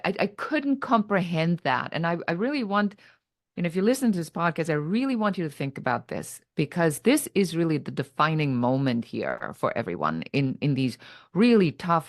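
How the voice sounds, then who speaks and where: A woman's voice: deep voice, dry recording, studio quality. A middle-aged woman, a podcast guest who tells her story dramatically and acts out her own past thoughts. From Germany. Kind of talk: personal story told in conversation.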